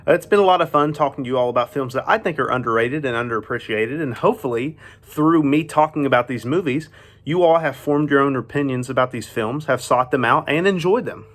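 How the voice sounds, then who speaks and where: A man's voice: mid-range voice, fast talker, fairly bright tone. A man hosting a film review show, presenting alone in a chatty, opinionated way with laughing asides. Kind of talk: solo presenting to camera.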